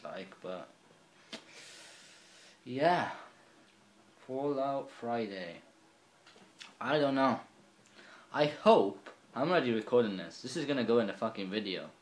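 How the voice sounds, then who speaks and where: A young man casually commenting on his gameplay, rambling and swearing in an offhand, quiet way. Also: mid-range voice. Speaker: gamer. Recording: echoey room with faint ambience.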